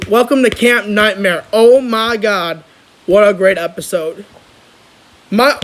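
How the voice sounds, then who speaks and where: High-voiced young man rambling excitedly. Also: rough recording. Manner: rambling, excitable, frequent restarts. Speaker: vlogger. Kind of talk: casual chat.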